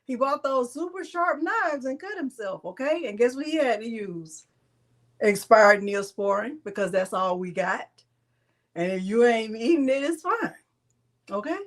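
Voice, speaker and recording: A woman's voice: fairly high pitch, lively intonation, unhurried. Chatty, teasing craft host woman. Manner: teasing, chatty, laughs often. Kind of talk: casual live-stream chat.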